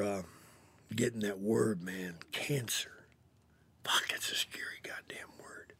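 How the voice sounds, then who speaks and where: A man telling a blunt, profane personal story as a show's host, often sinking to a hushed near-whisper. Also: lowish voice, slightly rough.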